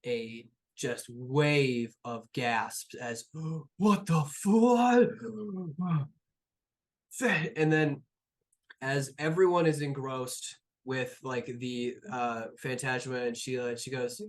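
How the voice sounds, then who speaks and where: A man's voice: mid-range voice, fairly even intonation, slow. A man narrating a tabletop game as game master in a rambling, casual way full of fillers.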